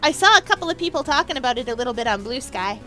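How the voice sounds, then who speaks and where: A woman's voice: sits high, big pitch swings, very fast, pushed and bright, faint music behind. A woman streamer chatting playfully and bubbly to her audience, with exaggerated outbursts. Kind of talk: casual live-stream chat.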